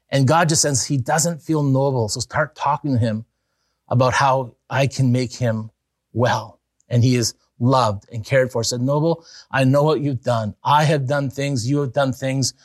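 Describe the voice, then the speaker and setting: A man preaching an evangelistic sermon as pastor, telling a story in an earnest way that rises to excited emphasis. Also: mid-range voice, no echo, studio quality.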